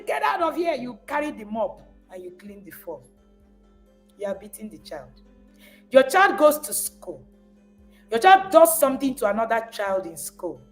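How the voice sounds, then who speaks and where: A parenting coach with a high-pitched voice gives a live talk on poor audio. She speaks with emphasis, repeating words and phrases to drive her points home and acting out parents along the way.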